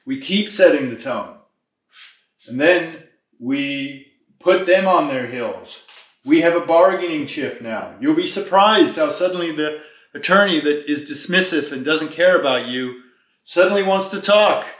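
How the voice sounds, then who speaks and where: A man's voice: a little high, expressive, a little slow, a bit bright, echoey room, highs cut off. A man giving an informal video lesson on debt defense, emphatic and folksy, often wandering off on tangents.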